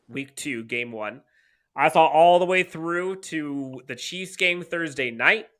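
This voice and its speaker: A man hosting a casual sports podcast, talking in an excited, rambling way with frequent restarts. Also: on the high side. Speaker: podcast host.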